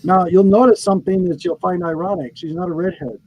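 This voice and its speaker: A man's voice: high voice, fairly even intonation, a little fast, highs cut off, a little hiss or hum. A man chatting enthusiastically in a casual group video chat, showing off items from his comic collection. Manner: enthusiastic, friendly. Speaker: guest collector.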